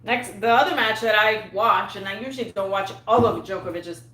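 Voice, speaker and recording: A woman's voice: mid-range voice, a little fast, a bit bright. A woman co-hosting a casual tennis show, chatty and brief, reading out viewer comments. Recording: echoey room, faint noise.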